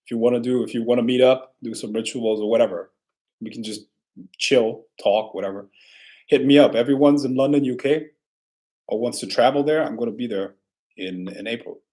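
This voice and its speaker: A man of ordinary pitch answers viewer questions on a casual stream. He talks loosely, doubling back and restarting his sentences as he goes. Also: brisk. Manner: relaxed, rambling, with frequent restarts. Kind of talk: casual livestream Q&A.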